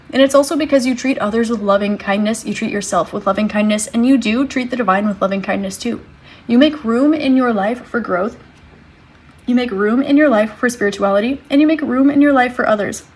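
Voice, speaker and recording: A woman with a slightly high, breathy voice gives a tarot reading straight to her viewers. She talks in a gentle, reassuring way and muses aloud as she pulls each card. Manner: gentle, reassuring, thinks aloud while drawing cards. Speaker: tarot reader.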